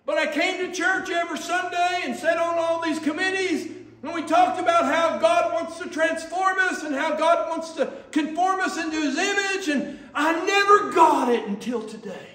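A man voicing a stubborn church elder in his eighties who speaks slowly and emphatically, at times shouting. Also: very high-pitched, animated, pitched above the performer's own voice, full character voice. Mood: fervent. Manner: slow, emphatic, rising to shouts. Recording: echoey church from a distance.

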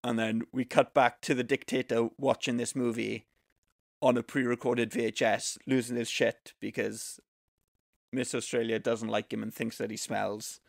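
A man's voice: medium pitch, flat delivery, moderate pace, creaky, no echo, studio quality. A man co-hosting a podcast, chatting casually as he retells a movie plot at length and laughs at how bad it is. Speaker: podcast co-host. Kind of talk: casual movie recap chat.

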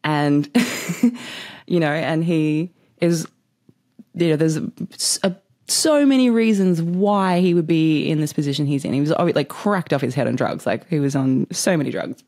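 A woman's voice: sits low, animated, normal speed, darkish tone. A young woman telling a story in a rambling, casual way, swearing freely and saying "like" constantly. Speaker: vlogger.

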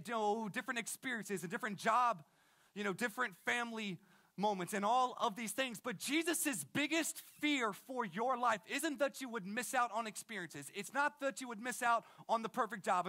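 A male pastor delivers a lively sermon in a high, bright voice. He talks casually and with energy, using slang and restarting sentences as he goes.

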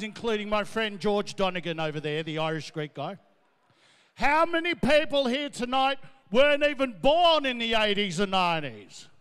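An Australian male comedian and MC performs stand-up in a large gala ballroom, his high, bright, smooth voice brash and loud as he riffs rapidly. The recording is echoey with the ballroom's long reverb.

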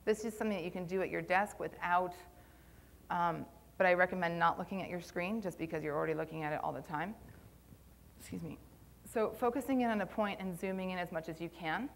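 A woman's voice: on the low side, fairly quick, creaky. A young woman giving a live conference talk on posture, conversational and a little nervous, with plenty of ums. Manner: conversational, filler-heavy, slightly nervous. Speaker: conference speaker on posture and Pilates. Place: conference room.

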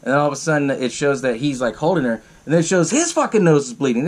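A man's voice: on the high side, very animated, quick pace. A man hosting a podcast, casually recapping a horror movie in a loose, profane way full of fillers. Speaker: podcast host.

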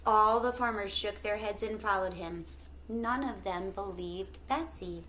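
A woman teacher reading a picture book aloud to children, pausing to ask them questions. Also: medium pitch, fairly bright tone, a little hiss or hum. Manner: pauses to ask listeners questions.

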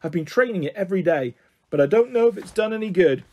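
A man's voice: sits high, expressive, fast talker, darkish tone. A man voicing a clumsy, anxious young schoolgirl witch in a storybook reading, in a raised, worried voice. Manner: worried, self-doubting.

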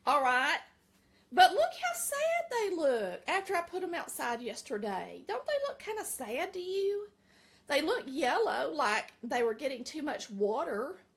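Chatty Southern woman with a lively voice. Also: high-pitched, a little slow. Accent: Southern American. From American South. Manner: chatty, folksy, addresses viewers as y'all. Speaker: vlogger. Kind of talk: casual chatty home vlog. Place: home kitchen.

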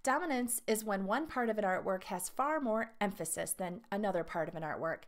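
Woman teacher reading art lesson aloud. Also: mid-range voice. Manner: reads questions and answer choices aloud, adds asides to students.

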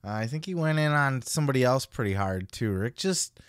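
A man's voice: medium pitch, animated, fairly quick, smooth, no echo, studio quality. A man hosting a podcast, giving casual commentary in a blunt, heavily profane way. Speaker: podcast host.

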